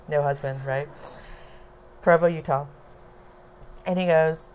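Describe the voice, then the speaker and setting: A woman shares a personal story with a small audience at home, taking her time and keeping it low-key, laughing between lines. She sounds expressive, and there's a faint hiss or hum on the recording.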